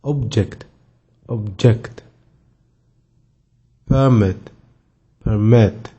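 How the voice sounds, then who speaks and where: A man reading a list of word pairs aloud one at a time, in a slow, clipped way for a pronunciation drill. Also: fairly low pitch, mellow, breathy edge, highs cut off. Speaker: pronunciation model.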